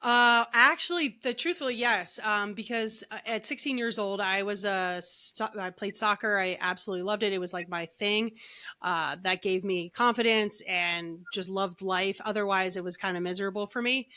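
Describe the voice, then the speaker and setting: A middle-aged woman, a guest on a podcast, telling her story in an animated way and acting out the lines of others. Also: mid-range voice, moderate pace. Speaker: podcast guest, energy healer.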